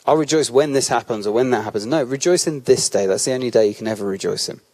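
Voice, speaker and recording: A man with a British accent preaching in an easygoing, conversational way, weaving personal anecdotes into his teaching. He often breaks off and restarts his sentences as he tells a story. His voice sits at an ordinary, mid-range pitch. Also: fast, a little mellow. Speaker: church speaker.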